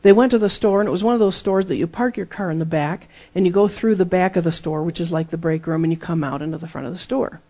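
A man's voice: high voice, fast talker, hardly any pauses, mellow. A man preaching a sermon, emphatic and repeating key phrases for effect. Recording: dull lo-fi sermon recording.

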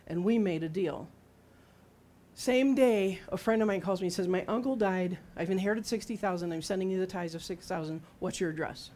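A woman's voice: medium pitch, fairly quick, darkish tone. Woman preaching with conversational humor. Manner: conversational, humorous storytelling with acted-out quotes. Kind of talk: sermon.

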